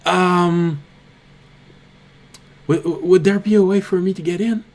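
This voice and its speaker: Tabletop game role: a timid little male kobold, stuttering apologies, as a man puts him on; unhurried, raised pitch. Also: fairly even intonation. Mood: nervous. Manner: stammering, apologetic. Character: small nervous frail male kobold.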